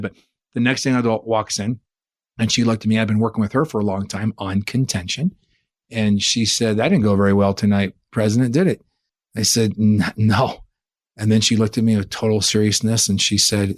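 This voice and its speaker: A man from the Bay Area of California, an interview guest telling a personal story in an earnest, animated way and posing rhetorical questions. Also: lowish voice, no room sound. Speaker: interview guest, church leader. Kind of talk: conversational storytelling.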